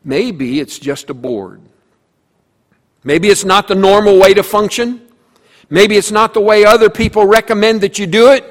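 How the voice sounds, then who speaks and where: A man's high-pitched voice echoes through the long reverb of a church hall as he preaches from the sanctuary. Speaking at an ordinary pace, this pastor acts out characters in his story and hammers points home through repetition.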